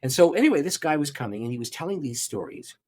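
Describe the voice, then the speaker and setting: Animated middle-aged man telling a story. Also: fairly high pitch, fast talker. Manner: animated storyteller with frequent restarts. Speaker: pastor. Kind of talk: storytelling in an interview.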